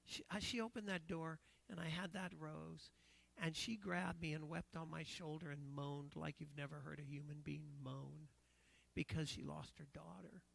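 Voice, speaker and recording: A man's voice: fairly high pitch, fairly even intonation, normal speed, vocal fry, a bit bright. A middle-aged man preaching a sermon, telling an emotional story, repeating phrases and acting out what others said.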